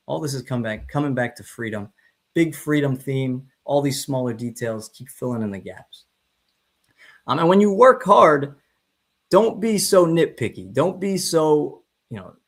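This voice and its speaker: A man, a chiropractor, giving a motivational talk to fellow chiropractors and stressing his points by repeating phrases. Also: medium pitch.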